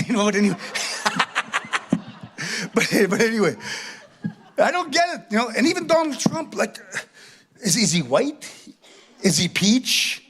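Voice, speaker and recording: Man, middle-aged, stand-up comedy set, high pitch, swoopy lively delivery, self-mocking, "eh" tags. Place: live stage before an audience.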